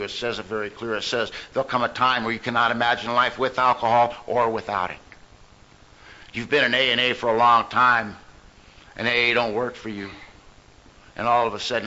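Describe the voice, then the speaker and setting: Forceful storytelling man at a meeting. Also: medium pitch. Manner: emphatic, humorous storytelling. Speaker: speaker at a recovery meeting. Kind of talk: personal recovery testimony. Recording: dull lo-fi recording with faint noise.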